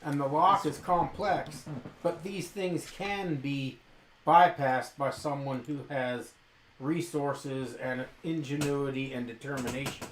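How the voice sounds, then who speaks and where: A man narrating a tabletop role-playing game as game master, describing scenes in a measured way. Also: mid-range voice, fairly even intonation, reverberant, a little hiss or hum, poor audio.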